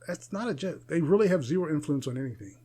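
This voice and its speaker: A man's voice: on the high side, expressive, fast talker, warm tone, husky. A man hosting a solo podcast, talking casually in an opinionated, rambling way and laughing often. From United States. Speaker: podcast host.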